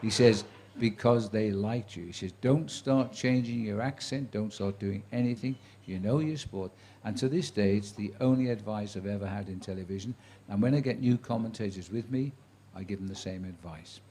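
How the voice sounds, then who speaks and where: Warm and lowish, his voice runs a little fast with few pauses, and a bit of hiss or hum is audible. The man, a sports commentator in his seventies, is a chatty raconteur entertaining a live audience with career anecdotes, dry wit and acted-out quotes.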